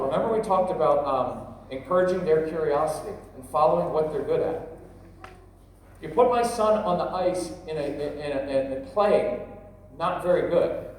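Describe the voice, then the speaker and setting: A middle-aged man giving a humorous, rambling parenting workshop to a live audience, joking and talking straight to the crowd. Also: fairly high pitch. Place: large convention hall. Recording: echoey hall, voice from a distance, faint noise.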